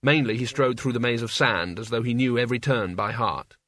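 A man's voice: medium pitch, a little fast, fairly bright tone, no echo. Man narrating a story, dry close sound. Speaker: audiobook narrator. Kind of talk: scripted narration.

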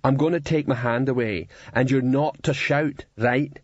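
A man voicing a big male troll musician who speaks in a slow, reasonable, heavy way. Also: mid-range voice, no room sound, muffled recording, natural voice.

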